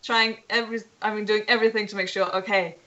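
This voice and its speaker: A woman guest on a livestream, talking casually in a hesitant, halting way. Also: mid-range voice, fairly even intonation, sharp tone, lo-fi sound. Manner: hesitant, halting, laughs easily.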